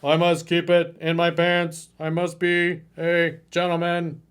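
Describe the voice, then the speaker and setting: A man putting on a stiff, robotic gentleman suitor. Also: a little high, completely flat delivery, clear, resonant tone, voice pushed up. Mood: stiff solemn. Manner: slow, robotic, solemn. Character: stiff overly polite young male suitor.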